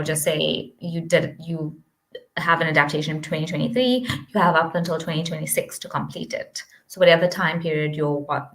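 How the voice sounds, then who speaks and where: A South African woman with a fairly low voice explains the steps of a process in a relaxed interview. She talks patiently and laughs easily. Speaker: pharmacist guest. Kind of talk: casual interview answers.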